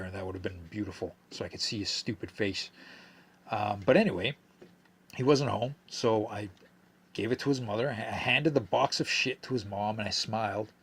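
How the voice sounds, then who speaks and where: Man, young adult, podcast host, casual storytelling, slightly drunk, profane, husky. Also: fairly low pitch. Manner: rambling, profane, with many fillers and restarts. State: a bit drunk, slurring.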